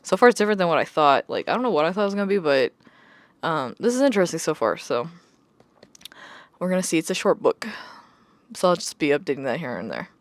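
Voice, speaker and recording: A woman's voice: low-pitched, big pitch swings, quick pace, long pauses, no echo. Woman rambling about her books, kinda exasperated, swears a lot, dry sound. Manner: chatty, exasperated, swears and laughs often. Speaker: book vlogger. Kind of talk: casual chat.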